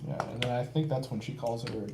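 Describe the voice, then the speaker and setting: A man's voice: medium pitch, fast talker, creaky, heavy background noise. A man co-hosting a casual livestream chat, telling stories in a wry, joking way. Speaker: co-host. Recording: roomy echo.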